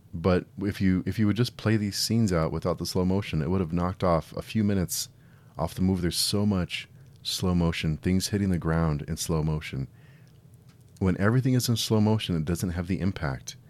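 A man hosting a solo film review podcast, talking casually with frequent restarts and an exasperated tone. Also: sits low. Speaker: podcast host.

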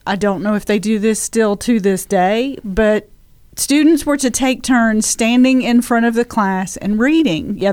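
A woman's voice: on the high side, no room sound. A woman raised in England with an American accent, co-hosting a podcast and telling stories in a bantering, chatty way. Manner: bantering, storytelling. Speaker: podcast co-host. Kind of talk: casual chat.

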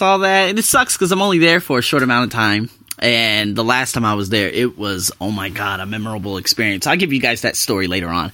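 A young man vlogs to his audience with a bright, clear voice that rides a lively, swooping melody. He sounds close and dry, with no room echo. His chatty delivery jumps from loud bursts to low asides. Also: brisk. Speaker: vlogger living abroad. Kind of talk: casual talk to camera.

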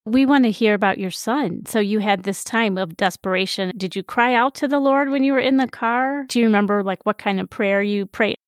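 Woman host gently interviewing. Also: medium pitch, a little fast, hardly any pauses, dry recording, studio quality. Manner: gently summarizing and prompting questions. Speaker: podcast host. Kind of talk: interviewing a guest.

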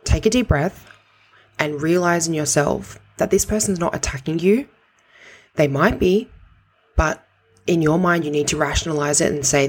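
Podcast host lady, low husky voice, blunt practical advice, swears casually sometimes. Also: moderate pace, pauses often. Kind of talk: conversational advice talk.

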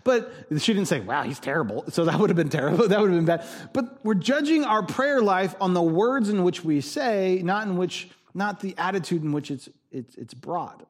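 A pastor delivering a sermon in a conversational, emphatic way, with a voice a bit higher than most men's. He talks to his congregation like friends and hammers home his main line by repeating it. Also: expressive, moderate pace, hardly any pauses.

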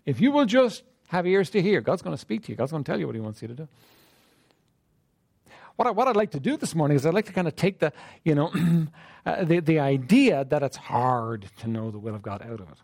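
Animated high-pitched male preacher. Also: a little fast. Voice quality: frequent throat clearing. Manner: conversational preaching with frequent "right?" and "you know what?". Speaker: pastor. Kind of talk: sermon.

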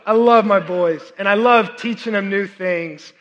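A man in his thirties, a worship pastor preaching a sermon, chatty and animated with many fillers and restarts, audibly unwell and working to clear his throat. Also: high-pitched, measured pace. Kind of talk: sermon with personal storytelling. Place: church service. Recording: long reverb of a large hall.

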